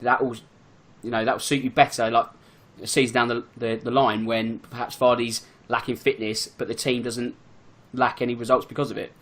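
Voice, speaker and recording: On a laid-back podcast, a male guest who loves football chats about the sport at a quick pace. His voice is mid-pitched, and his talk spills out fast and chatty, packed with fillers and sentences he keeps restarting.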